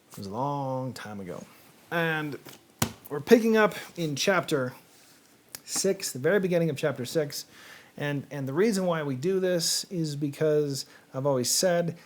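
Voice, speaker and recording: A man hosting a casual reading show, chatting to camera in a rambling, hesitant way with many fillers and quiet asides. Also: a little high. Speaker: host.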